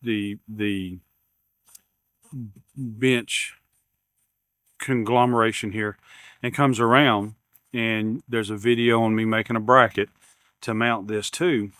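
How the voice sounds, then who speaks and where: Man, slow drawl, rambling workshop unboxing talk, dry close sound. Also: on the low side, fairly even intonation, a bit bright, clean tone, no room sound. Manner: rambling, repeats words, self-deprecating humor. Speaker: YouTube maker unboxing camera gear. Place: home workshop bench.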